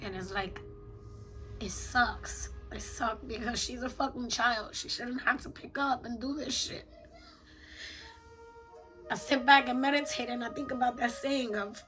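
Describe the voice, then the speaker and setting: A woman's voice: a little high, bright, forceful tone, low-quality recording. A woman, venting in a raw confessional voice journal, blunt and slangy with heavy swearing. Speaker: vlogger.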